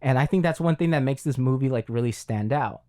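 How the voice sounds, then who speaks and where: A man's voice: mid-range voice, fairly quick, mellow. A man co-hosting a casual film review podcast, talking in long rambling runs with many fillers and restarts. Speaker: podcast co-host.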